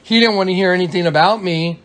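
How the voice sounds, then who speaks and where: A man's voice: sits high, quick pace, a bit bright. A man on a phone call, telling a long story in a casual, rambling way, with many restarts and retold quotes. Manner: retells dialogue in quoted voices. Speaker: caller recounting events.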